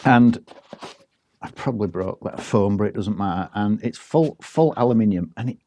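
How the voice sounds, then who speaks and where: A man's voice: fairly low pitch, normal speed, mellow. A man giving a casual, rambling product review, with frequent ums and restarts. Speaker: tech reviewer.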